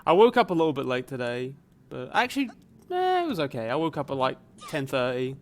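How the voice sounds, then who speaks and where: A man with a softened Essex accent, chatting casually to viewers while streaming a game, rambling with plenty of fillers. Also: medium pitch, huge pitch swings, brisk, slight background noise. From Essex, England. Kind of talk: casual live gameplay chat.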